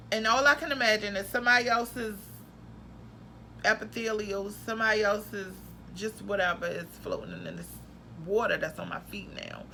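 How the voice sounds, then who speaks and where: A woman who works as a travel nurse, telling a story in a casual vlog in an expressive, slangy, dramatic way. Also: mid-range voice, slight background noise.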